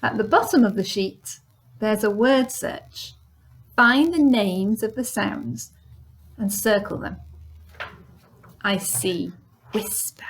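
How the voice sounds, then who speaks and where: Very slow, patient woman teacher. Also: a little high, expressive. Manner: demonstrates sounds, bilingual repetition. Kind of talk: slow, clear lesson for young children.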